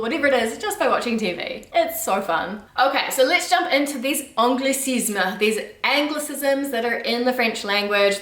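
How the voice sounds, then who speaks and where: A woman vlogger in a chatty, lively explainer style, slipping into quick French phrases as she teaches. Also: medium pitch. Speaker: language vlogger. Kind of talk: casual explainer. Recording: roomy sound from a distant mic.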